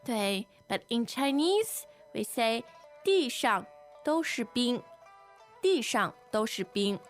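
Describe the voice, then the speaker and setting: A woman, Mandarin her first language, co-hosts a language lesson and models Chinese phrases by repeating them. Her speech is slow and unhurried, her pitch a touch high and lively. Faint music plays underneath. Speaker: Mandarin teacher co-host.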